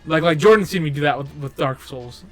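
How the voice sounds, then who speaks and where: A man's voice: a little high, a little fast, faint music behind. A young man co-hosting a casual podcast, rambling and swearing through stories with frequent laughs. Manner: profane, rambling, laughing storyteller. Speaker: podcast co-host.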